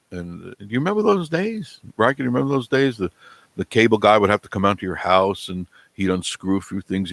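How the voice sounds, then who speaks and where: A man with a lowish voice chats on a live stream from his home. He rambles through a story and acts out what people said along the way. The sound is dry and close, with little room around it. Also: vocal fry, no echo. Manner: rambling, animated storytelling with acted-out quotes. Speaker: vlog host. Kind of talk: casual live-stream chat. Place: home studio indoors.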